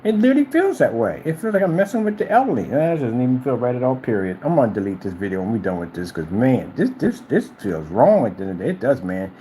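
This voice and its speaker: Animated rambling middle-aged man ranting. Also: mid-range voice, fast talker, few pauses, a little hiss or hum, rough recording. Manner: rambling and repetitive, addressing a rival directly. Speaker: vlogger. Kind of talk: ranting monologue to camera.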